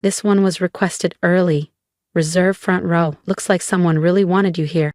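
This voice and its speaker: A courteous usher speaking with friendly politeness, as a woman narrator voices her. Low-ish and dry, read close to the mic as part of a spoken story. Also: fairly even intonation, normal speed, darkish tone, no room sound, close to an everyday voice. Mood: polite.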